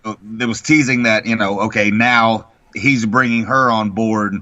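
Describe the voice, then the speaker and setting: A man co-hosting a casual morning talk show, retelling a story with heavy swearing and lively energy. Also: on the low side, normal speed, no room sound. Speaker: co-host. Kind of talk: profane casual chat. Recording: dull lo-fi sound.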